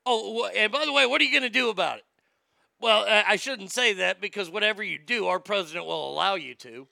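A man's voice: high voice, a little fast, vocal fry, bright, forceful tone, dry recording, studio quality. A middle-aged man hosting comedic commentary, mocking and sarcastic, laughing often and slipping into silly voices. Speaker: host.

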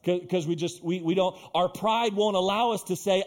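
A man preaching a sermon as pastor, emphatic and animated, breaking off to speak straight to his congregation. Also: sits high, normal speed.

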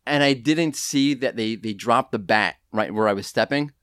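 A man hosting a podcast from home, telling stories in a lively, self-deprecating way with quick asides. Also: mid-range voice, no room sound, clean studio sound. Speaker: podcast host. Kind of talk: casual podcast chat.

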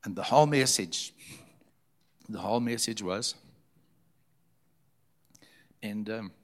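A man's voice: fairly low pitch, slow. A man, a preacher, earnestly recounting a story as a testimony and repeating phrases for emphasis.

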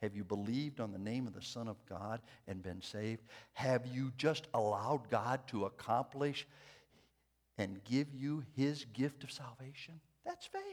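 In a mid-range voice, a little slow, a man delivers a sermon that swings between quiet, hushed lines and loud, emphatic declarations. He lightens things with a few jokes for the congregation.

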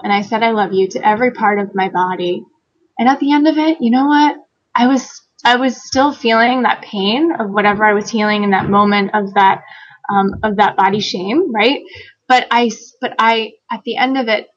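Woman guest telling a story, kinda high voice, animated, bit dull lo-fi sound. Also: normal speed. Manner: animated storyteller, acts out quotes, laughs often. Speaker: guest author. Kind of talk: casual podcast chat.

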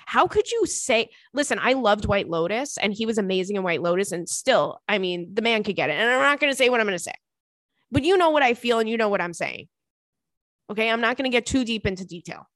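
A young woman hosting a podcast in casual chat, animated and profane, laughing often between thoughts. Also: medium pitch, fast, no echo, studio quality. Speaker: podcast host.

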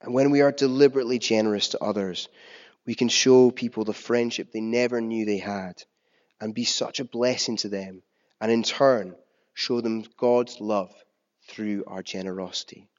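A man's voice: fairly low pitch, steady tone, normal speed. Man preaching a sermon, conversational, self-deprecating, long hall reverb, dull muffled sound.

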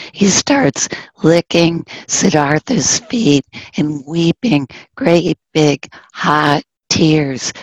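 A woman giving a dharma talk, gently telling a story and dropping into soft whispers. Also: sits low, no room sound, poor audio. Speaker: Buddhist dharma teacher.

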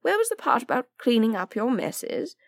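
A woman's voice: a little high, sing-song, moderate pace, no room sound, pitched above the performer's own voice. A woman playing a dry, witty aristocratic man who talks in a languid, teasing way. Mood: sardonic.

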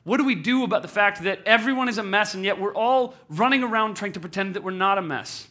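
A man in his thirties speaks to a live audience in a high, bright voice. He is candid and self-deprecating, jokes often and keeps asking the room questions. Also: fast talker. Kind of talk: candid, humorous talk to an audience.

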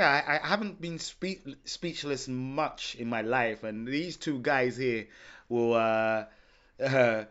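A man's voice: mid-range voice, measured pace, lo-fi sound. A man hosting a casual podcast chat, telling funny stories with frequent laughs. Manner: animated, laughing anecdotes. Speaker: podcast host, salsa event organizer.

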